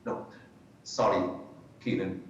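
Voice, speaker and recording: A man with a fairly low voice chairs a public hearing, putting his questions slowly and deliberately. He sits well back from the mic in a very echoey room, and the sound is dull and muffled. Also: steady tone, distant mic. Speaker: commission chair.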